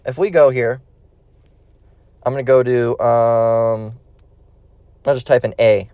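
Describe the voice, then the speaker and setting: A man's voice: mid-range voice, a little mellow, no room sound. A man giving a rambling, profane screen-share lesson, repeating himself as he goes.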